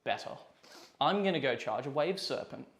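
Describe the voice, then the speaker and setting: Playful higher-voiced man at the gaming table. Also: animated, normal speed, fairly bright tone. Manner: joking, playful banter. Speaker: wargaming player and host. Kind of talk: casual tabletop game chat.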